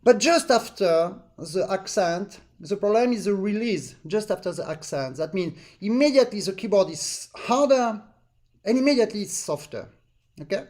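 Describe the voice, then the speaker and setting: A man's voice: sits high, expressive, moderate pace, a little mellow. A man teaches an accordion master class over a video call, explaining patiently and singing rhythms in syllables. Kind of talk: online master class instruction.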